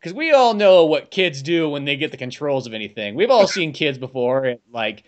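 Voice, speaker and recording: A man's voice: on the high side, big pitch swings, normal speed, dull audio. Rambling, joking man podcaster. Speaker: podcast host. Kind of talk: casual chat.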